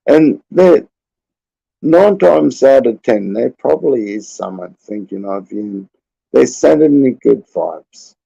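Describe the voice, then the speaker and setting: A man's voice: mid-range voice, animated, slow pace, gravelly, dark tone, slightly rough, no room sound, muffled recording. An Australian man in his forties, rambling casually and chuckling often as he hosts his livestream. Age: 40s. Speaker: livestream host.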